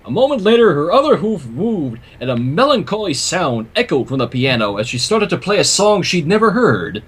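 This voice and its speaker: A man reading a fan story aloud for a livestream, animated with joking asides. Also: on the high side, moderate pace, breathy edge. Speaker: story reader.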